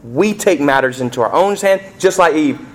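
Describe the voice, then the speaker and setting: A middle-aged man preaching a sermon, asking the congregation rhetorical questions and rising sharply in pitch and volume on emphatic points. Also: lively intonation, normal speed. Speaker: pastor.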